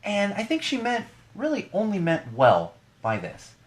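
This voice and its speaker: A man's voice: sits high, wildly swooping pitch, normal speed, hardly any pauses. A man in his thirties, a podcast co-host, ranting animatedly in a casual podcast monologue with many restarts.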